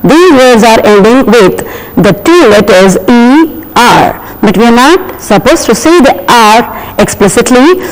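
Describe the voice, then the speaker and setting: A phonetics teacher gives a slow, deliberate lesson, spelling words letter by letter and repeating them for emphasis. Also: mid-range voice, long reverb tail, poor audio. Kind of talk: classroom pronunciation lecture.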